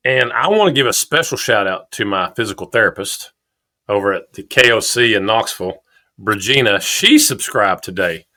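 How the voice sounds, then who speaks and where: Low, bright-voiced man. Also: lively intonation. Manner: chatty, storytelling, quick laughs. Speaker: podcast co-host. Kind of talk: casual chat.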